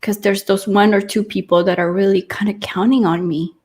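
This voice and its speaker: A woman's voice: medium pitch, fairly even intonation, brisk, a little mellow. Chatty woman hosting a live talk show. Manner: chatty and effusive. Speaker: host.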